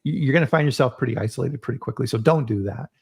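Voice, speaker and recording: Man, host, middle pitch, animated storyteller, frequent restarts, casual live chat. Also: quick pace, vocal fry.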